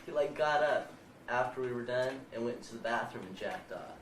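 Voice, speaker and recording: A man's voice: mid-range voice, a little fast, fairly bright tone. A seventeen-year-old boy telling a rambling, profane story as he is interviewed at a house. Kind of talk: casual storytelling. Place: indoors in a house. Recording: roomy, distant, noisy 1990 home video.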